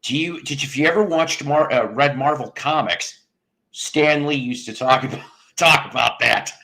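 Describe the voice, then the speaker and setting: A man's voice: mid-range voice, normal speed, gravelly, pushed and bright. A man hosting a casual livestream, chatting with viewers in a rambling, jokey way, cracking crude jokes and laughing at them. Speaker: livestream host. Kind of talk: casual chat with live viewers.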